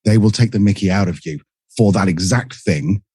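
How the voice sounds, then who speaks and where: A middle-aged British man with a low, dark, husky voice chats as a podcast guest. His pitch swings widely as he tells stories and acts out little quoted exchanges, and the dry recording keeps him close. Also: normal speed, dry recording. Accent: British English. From England. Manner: lively storyteller who acts out quoted exchanges. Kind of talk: casual conversational interview.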